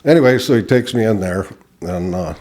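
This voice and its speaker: An older man from California, a podcast guest telling road stories in a relaxed chat, acting out voices and laughing as he goes. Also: fairly low pitch, a little fast. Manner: animated, laughs while telling, acts out quoted voices. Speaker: guest storyteller. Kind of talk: casual storytelling. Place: podcast studio. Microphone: desk mic.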